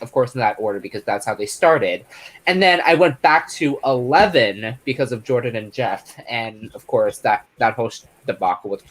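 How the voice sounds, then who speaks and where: A man's voice: mid-range voice, poor audio. A man on a casual panel chat, rambling through a long story with many restarts. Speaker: panel guest.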